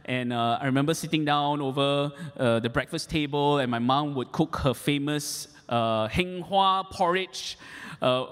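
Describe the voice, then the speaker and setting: A man's voice: on the high side, unhurried, a bit bright, clean tone. A man preaching a sermon as a pastor, repeating key points for emphasis, in an echoey church hall.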